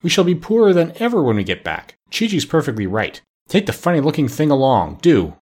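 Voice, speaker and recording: A man voicing a fussy, bossy female duck housekeeper in a storybook reading, scolding briskly. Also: fairly high pitch, very animated, darkish tone, husky, voice pushed up.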